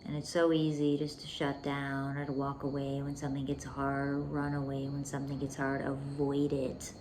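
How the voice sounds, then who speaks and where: Low-voiced woman podcast host coaching intimately. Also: completely flat delivery, moderate pace, a little mellow, a little hiss or hum. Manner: intimate, emphatic, calls listener "baby", drops to whispers. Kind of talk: relationship coaching monologue.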